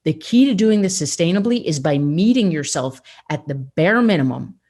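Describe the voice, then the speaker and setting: Woman, podcast host, low-pitched, emphatic motivational delivery. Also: animated, moderate pace, darkish tone. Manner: emphatic, upbeat, coaching directly to the listener.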